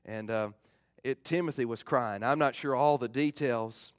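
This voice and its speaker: A middle-aged male pastor giving a fervent sermon, swinging from loud emphasis to hushed appeals. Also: medium pitch, normal speed, no echo, clean studio sound.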